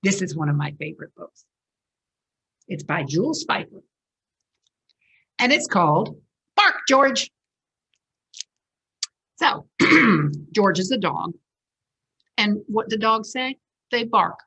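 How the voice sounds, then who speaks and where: A woman's voice: medium pitch, slow pace, gravelly, long pauses, slightly rough. A woman librarian reading a picture book aloud at a children's story time, asking the kids questions as she goes. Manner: animated, asks the children questions.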